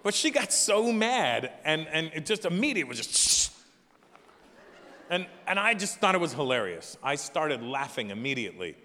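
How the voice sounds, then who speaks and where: A middle-aged man doing stand-up comedy on a live stage, talking with the audience in an animated, profane, chatty way. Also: a little high, moderate pace. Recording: live hall with long reverb, faint ambience.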